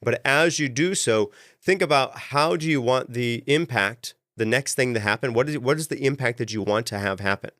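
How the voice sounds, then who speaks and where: A man co-hosting a casual talk, giving calm coaching advice and often repeating words as he thinks. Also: medium pitch, moderate pace, no echo, studio quality. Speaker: podcast co-host. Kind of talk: casual chat.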